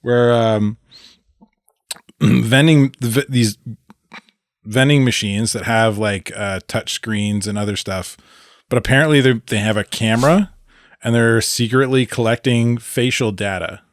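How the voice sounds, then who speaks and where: A man co-hosting a podcast in casual chat, halting and full of fillers, speaking into a boom mic. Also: no echo, studio quality. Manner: laughs often, filler-heavy, halting. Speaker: podcast co-host.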